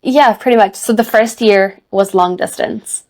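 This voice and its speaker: A woman's voice: mid-range voice, unhurried, a little mellow. An Irish woman co-hosting a podcast, chatting in a rambling way with restarts and laughs. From Ireland. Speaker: podcast co-host. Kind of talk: casual chat.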